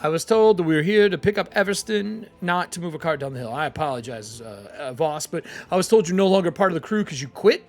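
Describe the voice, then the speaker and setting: A man doing a prim crew member, stiffly polite, higher voice, lively pitch, faint music behind. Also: fast, hardly any pauses. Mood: formal.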